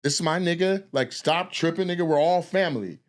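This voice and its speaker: A man doing an impression of a brash woman comedian hosting an awards show, loud and profane. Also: on the high side, fairly quick, pitched above the performer's own voice, lightly acted. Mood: fired up. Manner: loud, profane, excited yelling.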